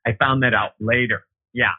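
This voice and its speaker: A man's voice: normal speed, husky. Man telling a story over a phone-like line. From United States. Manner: excitable, acts out quoted dialogue with big pitch jumps. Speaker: guest, opera singer. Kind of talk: animated personal storytelling.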